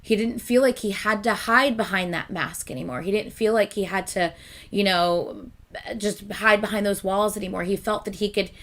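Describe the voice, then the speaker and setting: Earnest woman reacting with halting speech. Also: medium pitch, fairly bright tone. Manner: earnest and emotional, halting with many restarts and fillers. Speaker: reaction video host. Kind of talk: casual reaction commentary.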